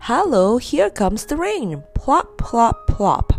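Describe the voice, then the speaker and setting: A woman's voice: a little high, sing-song, slow pace, darkish tone, soft background music, pitched above the performer's own voice, heavily acted. A woman voicing a fat old male teddy bear with a dry, teasing way of talking. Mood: wry.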